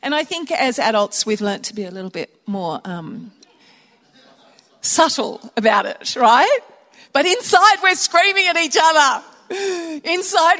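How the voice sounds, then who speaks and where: An older woman preaching to a congregation, her voice sitting a bit high for a woman. She talks in a relaxed, conversational way and drops in chuckling asides. The sound carries a long reverb from the church auditorium. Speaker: pastor. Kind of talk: sermon.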